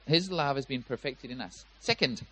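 A male pastor preaching a sermon with emphatic swings in loudness and pace, often repeating words. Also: mid-range voice, lively intonation, normal speed, breathy edge, low-quality recording.

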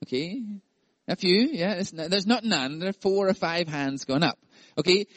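A man's voice: high-pitched, moderate pace, no room sound. A male pastor preaching a sermon, playful and jokey, acting out voices.

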